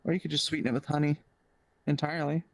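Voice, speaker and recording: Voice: medium pitch, flat delivery, fast talker, no room sound. A podcast co-host chatting casually, explaining things in detail with many fillers.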